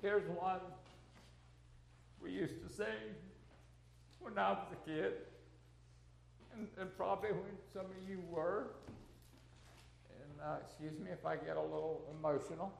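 An older man preaching a sermon to a congregation, earnest and unhurried, working through numbered points and asking the listeners questions. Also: high voice, steady tone, vocal fry, reverberant.

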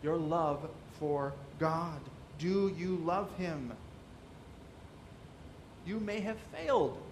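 A man's voice: on the high side, animated, extremely slow, a little hiss or hum. A man preaching a sermon as pastor, asking the congregation rhetorical questions and acting out quoted voices.

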